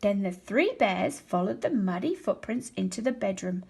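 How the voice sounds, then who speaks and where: A woman teacher reading a children's storybook aloud, expressive and slowing down for emphasis. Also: mid-range voice, vocal fry, breathy edge.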